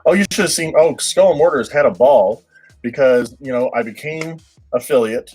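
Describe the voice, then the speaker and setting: A man's voice: mid-range voice, expressive, normal speed, a little mellow, breathy edge, soft background music, rough recording. A man chatting casually with his livestream viewers, rambling, repeating words and laughing often.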